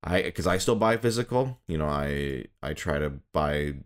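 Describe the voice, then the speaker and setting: Very deep-voiced man chatting casually. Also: animated, moderate pace. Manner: rambling, restarts often, enthusiastic about favorites. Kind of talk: casual chat.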